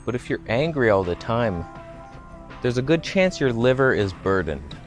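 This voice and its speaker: A man of medium pitch chats to the camera outdoors, casual and joking, with wry self-mocking asides. Faint music plays underneath his voice. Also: big pitch swings, normal speed. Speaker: vlogger. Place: outdoors, walking by a road.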